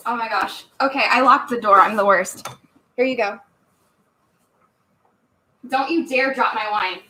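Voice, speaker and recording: A bubbly woman talks casually to her livestream viewers. Her voice sits a little on the high side, and she laughs easily and chats freely. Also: a little slow, bright, forceful tone. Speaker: livestream host. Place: home room.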